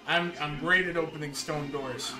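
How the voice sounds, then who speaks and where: A man's voice: a little high, fairly even intonation, moderate pace, over music. A young man casually commenting on videos as a streamer, laid-back, swearing and laughing often.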